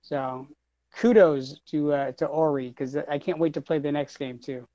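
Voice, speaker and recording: A man's voice: on the high side, moderate pace, mellow, dry recording, muffled recording. A man in his thirties co-hosting a casual podcast, rambling and repeating words, laughing often. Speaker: podcast co-host.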